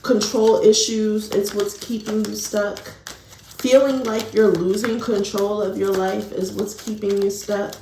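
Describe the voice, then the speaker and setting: A woman's voice: medium pitch, level tone, measured pace, mellow, a little hiss or hum. A woman giving a casual pick-a-card tarot reading, chatty and full of "like", calling listeners honey. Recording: echoey room.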